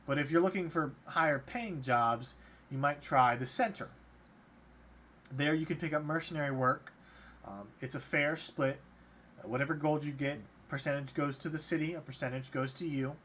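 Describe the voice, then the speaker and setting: A man's voice: a little high, normal speed, a bit bright, a little hiss or hum, lightly acted. A man voicing a polite, hesitant male prisoner who acts as an official, stumbling over his words in a tabletop game.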